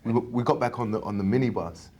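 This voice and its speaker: English actor telling lively stories. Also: male voice, medium pitch, fast, slight background noise. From England. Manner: animated storytelling, frequent restarts. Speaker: actor interviewee. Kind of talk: casual interview chat.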